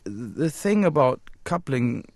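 A man's voice: mid-range voice, big pitch swings, takes it slowly, darkish tone, no echo. A man, a violinist guest, chatting casually in a studio interview, rambling with many fillers and self-corrections. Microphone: studio mic.

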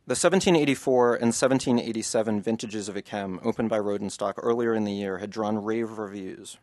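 A man's voice: on the low side, a little fast, darkish tone, dry recording. A man, an author, reading passages from his book to an audience and then answering questions in a loose, chatty way.

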